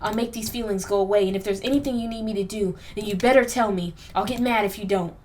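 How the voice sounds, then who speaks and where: Expressive young woman gaming host. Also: medium pitch, fast talker, slight background noise. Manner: emotional, expressive, slangy. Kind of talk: let's play, reading a game aloud with commentary.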